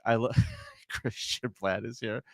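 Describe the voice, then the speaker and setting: A man's voice: medium pitch, huge pitch swings, takes it slowly, creaky, dry recording. A male co-host bantering in casual commentary, cracking dry jokes.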